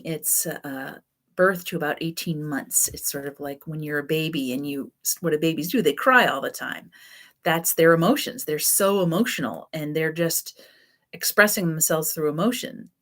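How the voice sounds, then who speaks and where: A woman teaching a class in a relaxed, conversational way, her voice sitting low. She talks loosely, with frequent fillers and restarts. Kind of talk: casual spoken teaching.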